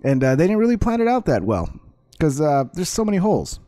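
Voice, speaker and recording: A man's voice: a little high, very animated, quick pace, dark tone, no room sound, clean studio sound. A man hosting his own vlog, ranting with sarcasm and constant swearing as he reacts to clips. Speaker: vlog host. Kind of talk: profane ranting commentary.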